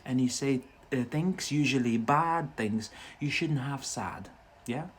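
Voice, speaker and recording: A man from Algeria teaches an English lesson on a live stream, chatting as he answers viewers' questions and often asking "yeah?" He speaks slowly at a medium pitch, and there's a little hiss or hum in the audio.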